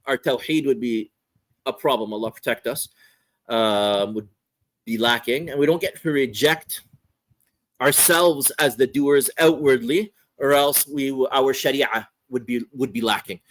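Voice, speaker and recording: A man teaching a religious course, explaining a text in an unhurried lecture and often repeating phrases and asking "right?". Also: mid-range voice, dry recording, low-quality recording. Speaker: Islamic scholar teaching a course.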